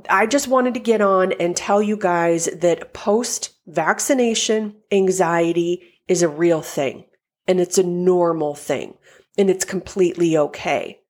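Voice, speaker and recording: Gentle, reassuring woman podcast host. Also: fairly low pitch. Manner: gentle, reassuring, conversational with fillers; soft cooing voice for calming her dog. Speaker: life coach and podcast host. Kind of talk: casual solo podcast talk.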